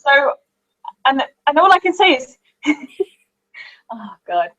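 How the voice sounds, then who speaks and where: A chatty British woman with a fairly high voice talks over a webcam video call. She laughs often, and her pitch jumps around as she chats on a casual live stream. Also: lo-fi sound. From England. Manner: chatty, quick to laugh, lively swings in pitch. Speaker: co-host.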